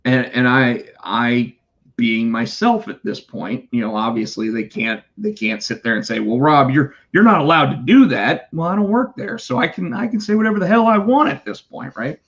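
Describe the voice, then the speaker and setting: Lively, foul-mouthed storytelling man. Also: moderate pace. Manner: animated, profane, acts out callers in high voices. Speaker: podcast co-host telling a work story. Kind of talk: casual storytelling chat. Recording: dull lo-fi sound.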